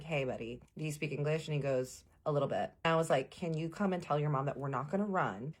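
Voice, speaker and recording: A woman telling a casual storytime to viewers, animated and acting out the quoted lines. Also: low voice, husky. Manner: addresses viewers as "y'all".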